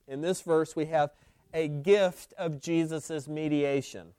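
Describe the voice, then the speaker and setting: Man preaching slow, clear smooth voice, a bit high, dry close sound, keeps repeating his points. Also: steady tone, warm tone, dry recording. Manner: emphatic, repeats key phrases, stumbles on restarts. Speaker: pastor. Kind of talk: sermon.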